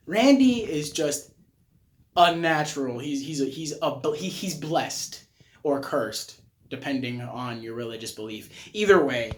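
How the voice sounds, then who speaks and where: A man's voice: on the high side, lively intonation, unhurried. A young man giving a casual, self-taught vocal lesson, rambling with many fillers and restarts and swearing freely. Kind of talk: casual tutorial monologue.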